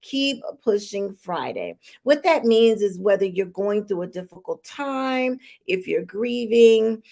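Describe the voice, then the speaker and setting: A woman's voice: a little high, measured pace, gravelly, dark tone. A woman hosting a live-streamed talk show, chatty and emotional with many fillers and restarts, holding back tears. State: tearful, holding back crying.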